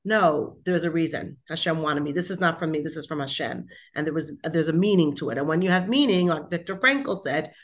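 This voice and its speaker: A woman's voice: low voice, a little fast, few pauses. A woman hosting a casual conversation, telling stories and affirming her guest with enthusiasm.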